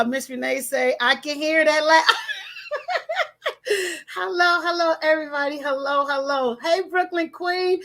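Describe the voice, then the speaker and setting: High-pitched woman going live from home, chatty, reads out comments, trips over names. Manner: chatty, warm greetings, stumbles over names. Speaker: livestream host. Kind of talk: casual livestream chat, reading comments aloud.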